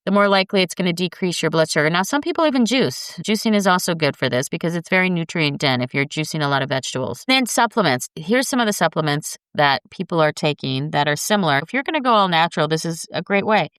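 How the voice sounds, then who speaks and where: A woman's voice: lowish voice, animated, brisk, fairly bright tone, clean tone, no echo, clean studio sound. A middle-aged woman hosting a show, talking casually and earnestly to her viewers about health and weight loss in a coaching way. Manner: earnest, coaching, addresses listeners as guys. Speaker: podcast host.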